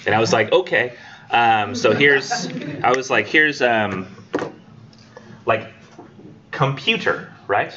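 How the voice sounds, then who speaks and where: A man's voice: medium pitch, animated, slow pace, long pauses, a crowd in the background. A man, an English instructor giving a casual, rambling classroom lecture, joking and acting out his students. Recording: dull lo-fi classroom recording.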